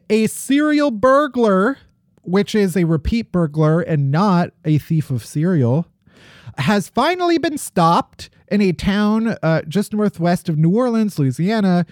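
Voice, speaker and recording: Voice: medium pitch, lively intonation, unhurried, darkish tone, no echo. Jokey podcast host reading odd news. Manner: jokey, dry asides, laughs while reading. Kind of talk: casual chat.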